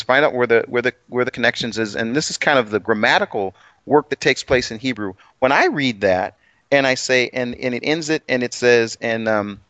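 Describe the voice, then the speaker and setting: An eager man co-hosts a casual Bible study talk and keeps poking fun at himself. His voice sits at a middle pitch and sounds dry and close. The audio is dull and lo-fi. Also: a bit bright, no room sound. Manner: eager and self-deprecating. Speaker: co-host.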